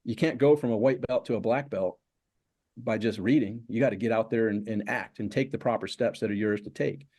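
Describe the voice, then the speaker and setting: A man's voice: lowish voice, brisk, a little mellow. A middle-aged man being interviewed as a success coach, talking in emphatic, repeated lists of steps. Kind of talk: interview conversation.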